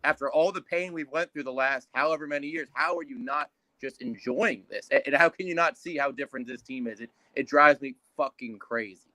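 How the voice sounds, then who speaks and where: A man's voice: medium pitch, a little fast, sharp tone, no room sound, low-quality recording. A man from Central New Jersey with a New Jersey accent, calling in as a fan and ranting passionately with lots of swearing and stammered restarts. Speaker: caller, college football coach. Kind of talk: fired-up sports call-in rant.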